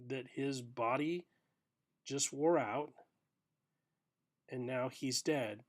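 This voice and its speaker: A middle-aged man giving a short, reflective sermon for a video podcast, telling a story gently with pauses. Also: medium pitch. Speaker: pastor.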